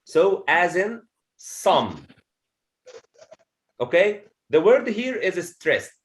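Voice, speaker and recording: Slow, lively-pitched man teaching a class. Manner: slow, repeats each point, checks with "okay?". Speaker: English teacher. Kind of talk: classroom pronunciation lesson. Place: classroom with students.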